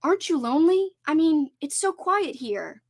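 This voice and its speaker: A woman reading aloud the lines of a loving, gentle father, in a warm and reassuring fatherly manner. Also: very high-pitched, very animated, normal speed, gravelly, pitched above the performer's own voice, heavily acted. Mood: tender. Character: loving, gentle late father at his porch.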